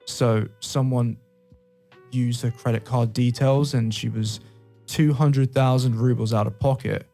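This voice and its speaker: British man, gravelly voice, mellow tone, casual podcast chat, laughing storyteller, faint music behind. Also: mid-range voice, fairly even intonation, a little slow. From England. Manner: laughs often, storytelling with asides. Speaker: podcast co-host.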